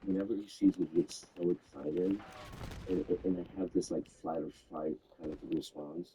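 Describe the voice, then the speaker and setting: A man in casual banter with a friend, excitable and quick to swear. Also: low voice, a little hiss or hum, low-quality recording. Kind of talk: casual chat over gameplay.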